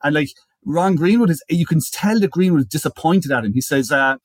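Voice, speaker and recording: A man with a fairly high voice spins a story for his co-hosts, circling back and repeating words as he builds it. The sound is close and dry, with no room around it. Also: a little fast, dry recording. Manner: animated retelling, repeats words as he goes. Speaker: podcast co-host. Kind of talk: casual chat, storytelling.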